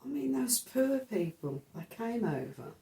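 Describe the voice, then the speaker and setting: A woman's voice: on the high side, very animated, a little slow, vocal fry, dark tone, reverberant. A middle-aged woman chatting agreeably as co-host. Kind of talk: casual chat.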